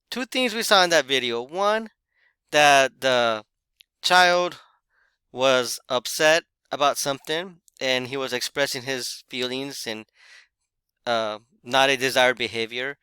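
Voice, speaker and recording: Crisp, bright-voiced male presenter. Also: medium pitch, expressive, no room sound. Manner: measured, explanatory, occasional fillers. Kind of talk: recorded class presentation.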